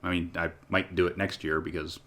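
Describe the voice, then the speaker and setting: A man's voice: low-pitched, level tone, a little fast, noisy background. A man hosting a podcast, chatting casually with playful, jokey banter. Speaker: podcast host. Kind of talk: casual chat.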